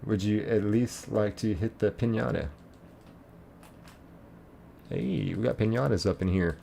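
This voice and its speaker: A man's voice: fairly low pitch, a little slow, creaky, mellow, a little hiss or hum. A man streaming a game, casually reading chat messages aloud, laid-back and chuckling.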